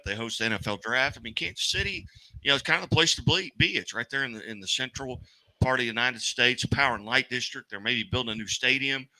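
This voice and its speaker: A man's voice: medium pitch, bright, forceful tone, no echo, poor audio. A man with a Missouri accent co-hosting a sports talk show, rambling in an easygoing way.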